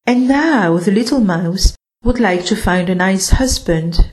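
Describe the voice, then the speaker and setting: Slow, gentle woman storyteller. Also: mid-range voice, animated. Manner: gentle, unhurried reading. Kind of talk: children's story narration.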